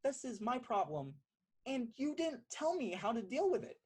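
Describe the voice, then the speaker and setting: A man with a slightly husky voice performs stand-up comedy over a video call. His delivery is animated and mock-exasperated, with a pitch that swings widely as he plays out everyday exchanges. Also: moderate pace.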